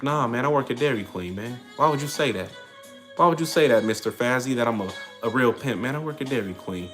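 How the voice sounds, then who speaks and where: A man's voice: medium pitch, fairly bright tone. A man in his thirties hosting a casual livestream, rambling through viewer comments and often asking "you get me?". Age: 30s. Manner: rambling, keeps tagging lines with "you get me?". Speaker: livestream host.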